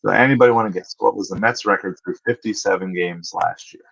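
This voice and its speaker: A man with a fairly low voice hosts a relaxed livestream, talking straight to his viewers and answering their questions. He thinks out loud and pauses with fillers while he checks things. The audio is a little dull and lo-fi. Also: creaky, slightly rough. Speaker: livestream host.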